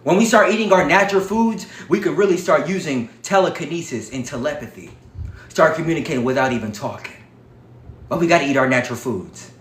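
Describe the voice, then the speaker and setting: A man hosting a livestream, talking in an animated, profane, preachy way. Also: on the high side, a little fast, roomy sound. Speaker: livestream host. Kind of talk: casual livestream talk.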